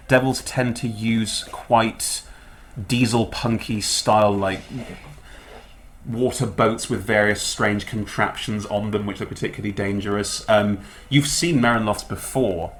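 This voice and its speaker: A man's voice: on the low side, fairly even intonation, a little slow, fairly bright tone, a little hiss or hum. A British man narrating a tabletop game as game master, explaining rules and setting at length.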